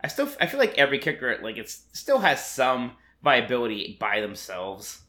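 A man's voice: medium pitch, huge pitch swings, moderate pace, pushed and bright. A man co-hosting a podcast in casual chat, joking and teasing his co-host.

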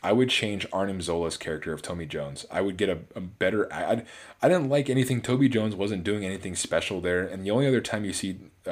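Male film reviewer, very low voice, casual and rambling. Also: breathy edge. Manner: rambling, frequent restarts and fillers. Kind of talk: casual solo movie review.

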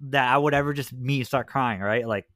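Smooth-voiced young man in laid-back chat. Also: medium pitch, fairly quick, a bit bright, dry recording. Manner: laid-back, storytelling, heavy use of "like". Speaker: podcast co-host. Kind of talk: casual chat. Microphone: studio mic, dry booth.

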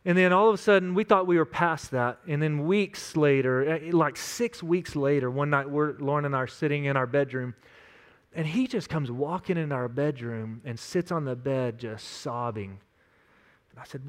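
A pastor in his thirties with a Texan drawl preaches in an earnest, conversational way and leans on family stories to make his point. His voice sits a little higher than most men's. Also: moderate pace. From West Texas. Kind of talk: sermon.

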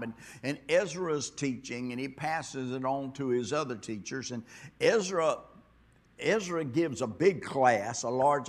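A man preaching a sermon, rambling and repeating himself, dropping to quiet asides and then rising to loud exhortation. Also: medium pitch. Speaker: pastor.

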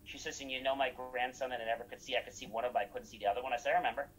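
A man's voice: mid-range voice, fairly even intonation, rapid-fire, fairly bright tone, a little hiss or hum, poor audio. A man recounting anecdotes in a casual talk, acting out the dialogue he quotes.

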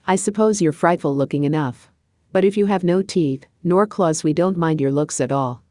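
A woman's voice: lowish voice, moderate pace, warm tone, dry recording, studio quality, natural voice. A woman voicing a sulky, cross clown who stepped out of a picture book. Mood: gloomy.

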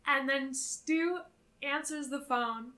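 Bright-voiced young woman recapping casually. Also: sits high, slow pace. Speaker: podcast co-host. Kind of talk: casual chat recapping a film.

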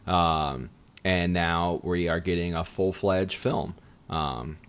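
A man hosting a loose film-talk podcast. His voice sits very low, and he keeps the chat easygoing with plenty of laughs and filler words. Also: slow pace, fairly bright tone, clean tone. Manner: chatty, laughs often, many fillers. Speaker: podcast host.

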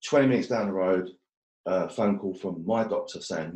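A man's voice: low-pitched, normal speed, darkish tone. Blunt swearing man, echoey room. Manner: blunt, swears a lot, jokes about hardship. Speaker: guest. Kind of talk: casual storytelling.

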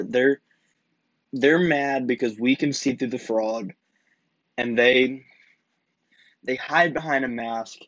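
A young man hosts his own show, arguing with indignation and peppering his case with rhetorical questions. His voice sits at an ordinary middle pitch. The audio is dry and dull, with a lo-fi edge. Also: dry recording. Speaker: podcast host. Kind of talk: political opinion monologue.

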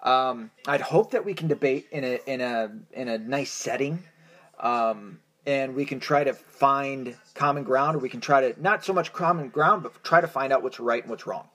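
A man's voice: medium pitch, moderate pace, fairly bright tone. An American man hosting his own podcast, talking alone in a rambling, profane monologue full of restarts and fillers. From United States. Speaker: podcast host.

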